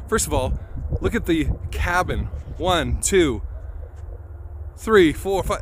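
A man's voice: high voice, expressive, a little slow, pauses often, a little hiss or hum. A man ranting in a casual, self-mocking and profane way, vlogging from a rural cabin. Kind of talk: casual comedic rant. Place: rural cabin, partly outdoors.

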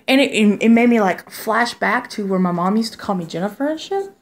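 A young woman telling a story casually at home, animated and swearing freely as she quotes people. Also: fairly high pitch, moderate pace. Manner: animated, profane, quotes people in raised voices. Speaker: vlogger.

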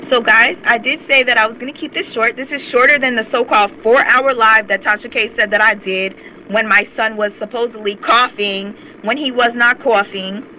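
A woman's voice: fairly high pitch, fairly even intonation, normal speed, bright, forceful tone, slight background noise, low-quality recording. A young woman ranting on her vlog channel, heated, confrontational and swearing often. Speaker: YouTube commentator. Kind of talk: angry rant to camera.

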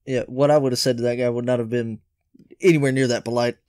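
A man's voice: medium pitch, steady tone, fast, darkish tone, clean tone, dry recording, studio quality. A man in casual chat, reacting to stories with brief remarks and questions.

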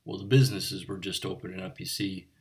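Man doing an eccentric bartender, comic monologue, rambling, pedantic, low voice, a bit off-mic. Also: flat delivery, brisk, far from the mic, lightly acted. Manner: rambling, digressive, chatty asides to the listener. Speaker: bartender character.

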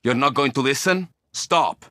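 A man's voice: medium pitch, measured pace, bright, forceful tone, no echo, clean studio sound. A man with an Italian accent voicing a menacing, swaggering mob henchman in a video game, tossing out threats and Italian curses. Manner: threatening, swaggering, mixes Italian phrases into English. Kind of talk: video game ambient dialogue.

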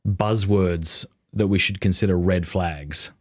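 A man's voice: low voice, takes it slowly, husky. A man hosting a podcast interview, asking curious, loose questions in a casual tone. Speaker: podcast host.

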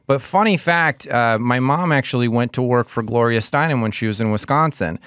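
A man's voice: mid-range voice, a little fast, fairly bright tone, clear, resonant tone, no echo. A man guesting on a podcast in a studio, telling long rambling stories in casual chat. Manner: rambling anecdotes with restarts and profanity. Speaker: comedian guest. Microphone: studio mic.

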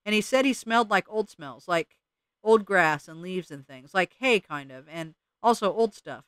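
A chatty, jittery opossum , as a man voices him, rambles on eagerly in a slightly raised, bright voice. It is a storybook reading with a crisp, dry sound. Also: high-pitched, expressive, moderate pace, no echo.

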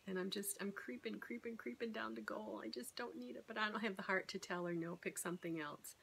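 A woman's voice: medium pitch, fairly quick, vocal fry, a bit bright, husky. A middle-aged woman talking candidly and rambling in a casual vlog about her weight-loss surgery. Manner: rambling, candid, self-deprecating.

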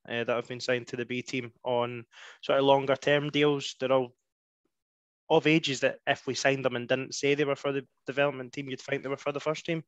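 A Scottish man hosting a football podcast in casual chat, relaxed and questioning with loose phrasing. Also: medium pitch, clean tone, no room sound. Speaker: podcast host. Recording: dull lo-fi podcast audio.

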